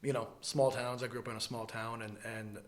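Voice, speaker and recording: With a mid-range voice, a level tone, and a slightly fast pace, this podcast co-host from the American Midwest chats casually. His manner is relaxed and jokey, with plenty of filler words.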